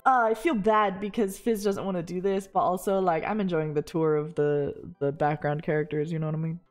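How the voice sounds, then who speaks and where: A woman's voice: mid-range voice, a little fast, hardly any pauses, faint music behind. A woman streaming a casual reaction to a show, exclaiming and blunt.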